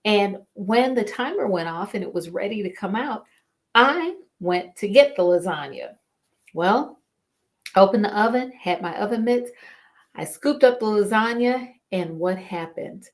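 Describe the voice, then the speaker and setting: Middle-aged woman host, relaxed storyteller, slow delivery with fillers. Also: medium pitch. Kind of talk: live talk on stress.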